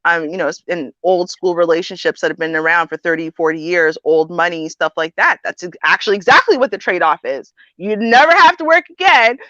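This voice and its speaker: A woman hosting a casual livestream advice chat, animated and quick to laugh, pressing her co-hosts with questions. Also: on the low side, no room sound, muffled recording. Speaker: host.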